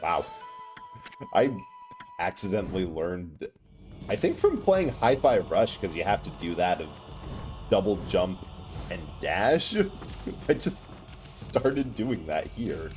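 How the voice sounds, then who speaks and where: A man's voice: low-pitched, big pitch swings, slow, long pauses, darkish tone, soft background music. A man streaming live, giving rambling, chatty gameplay commentary and laughing often.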